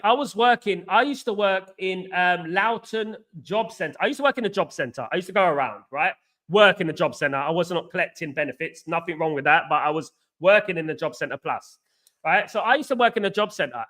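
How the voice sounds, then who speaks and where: A man hosting a casual football fan chat, telling animated stories with slang and asides. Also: sits high. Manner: animated, chatty storytelling with slang. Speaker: host.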